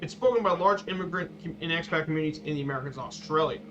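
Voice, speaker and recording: A man streaming a flight simulator, giving a casual slideshow talk with halting, repeated words and fillers. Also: a little high, fairly bright tone. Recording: dull lo-fi stream audio with faint noise.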